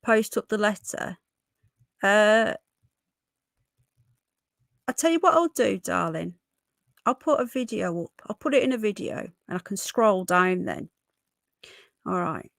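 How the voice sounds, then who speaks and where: A hoarse woman in her early forties talks casually to her livestream viewers, her voice gravelly and full of fry. She sounds dry and close, with no room around her, and keeps calling people love and darling. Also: medium pitch, animated, measured pace, pauses often, a bit bright, no echo. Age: 40s. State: hoarse from illness. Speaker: livestream host. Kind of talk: casual live chat.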